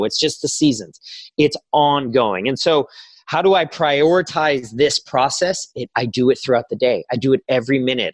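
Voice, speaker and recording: A man's voice: medium pitch, fairly bright tone, dry recording, poor audio. A man in his forties, a podcast guest, talking earnestly and reflectively, telling stories and quoting his own inner voice. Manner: earnest, reflective storytelling with quoted self-talk. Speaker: podcast guest, career coach. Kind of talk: conversational interview.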